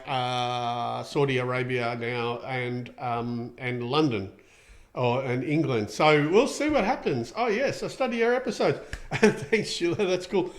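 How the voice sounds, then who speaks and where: A middle-aged Australian man hosting a casual livestream show, rambling and chatty with lots of ums as he reads out viewer comments. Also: on the high side. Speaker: show host.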